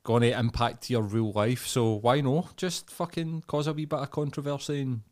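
A Scottish man in loose podcast chat, blunt and full of swearing. His voice sits at an ordinary middle pitch, and he breaks into laughter often. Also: steady tone, normal speed, darkish tone. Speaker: podcast co-host. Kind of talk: casual chat.

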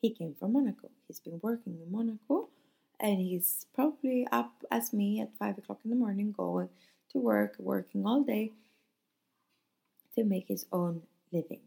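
A woman's voice: mid-range voice, normal speed, vocal fry, warm tone, husky. A woman from northern Europe hosting a podcast, telling a story in an earnest, heartfelt way and acting out the quotes. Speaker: podcast host. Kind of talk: casual storytelling monologue.

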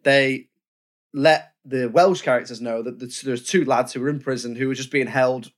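A man's voice: medium pitch, steady tone, moderate pace. A man co-hosting a podcast, talking casually and recounting film scenes with many restarts. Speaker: podcast co-host. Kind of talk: casual film review chat.

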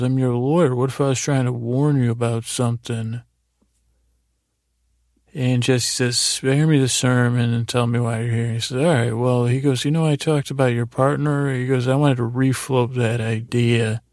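A man's voice: medium pitch, steady tone, normal speed, a little mellow, no room sound, clean studio sound. A man hosting a sleep podcast, loosely retelling TV scenes in a meandering bedtime ramble.

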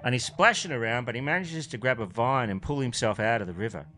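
An Australian podcast co-host on a video call tells a joke in a rambling, stumbling way during casual chat. He talks fast at medium pitch, and his voice sounds pushed and bright.

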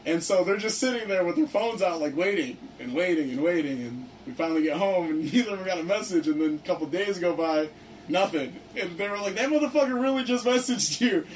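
A young man casually telling a story to friends, excited and profane, filling his talk with "like". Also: on the high side, brisk. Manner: excited, profane, heavy use of "like". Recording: distant mic with faint background noise.

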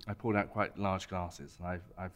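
A man's voice: low-pitched, flat delivery, moderate pace. A man hosting a casual chat, hesitant, often stammering and repeating words. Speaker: host.

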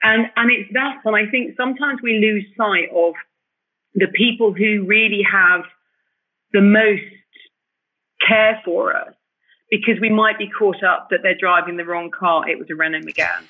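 Husky woman on a tinny line. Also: medium pitch, normal speed. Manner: animated, emotional, restarts often. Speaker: guest. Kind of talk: candid interview storytelling.

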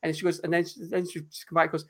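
A man co-hosting a podcast, excitable and sweary, often tripping over his words. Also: fairly high pitch, racing. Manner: excitable, stumbling restarts, sweary. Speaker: podcast co-host. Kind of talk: casual chat.

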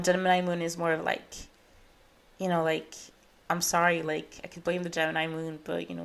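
A woman's voice: mid-range voice, vocal fry. A young woman hosting her own podcast in casual solo chat, rambling and correcting herself with many fillers. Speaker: podcast host.

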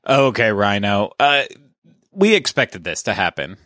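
A man with a fairly low voice hosts a podcast in a relaxed, chatty way, dropping self-deprecating jokes as he goes. The sound is close and dry, with no room around it. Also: unhurried, no room sound. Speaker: podcast host. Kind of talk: casual podcast chat.

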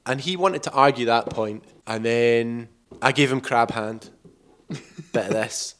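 Lively man telling a story. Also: mid-range voice, a little slow. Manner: animated, acts out quotes, laughs often. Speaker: cyclist telling a trip story. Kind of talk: casual storytelling over footage.

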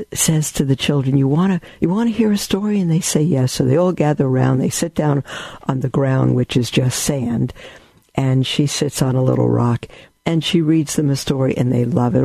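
A man's voice: mid-range voice, vocal fry, no echo. A man giving a rambling spiritual talk, telling stories with asides. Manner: storytelling, warm and rambling with asides. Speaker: religious teacher.

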